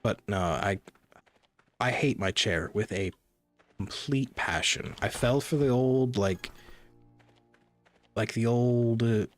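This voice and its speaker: A man's voice: medium pitch, slow pace, pauses often, soft background music. A man streaming a cozy game, chatting casually and rambling to his viewers. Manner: rambling, chatty, talks to chat. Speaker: gaming streamer. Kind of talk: casual live-stream chat.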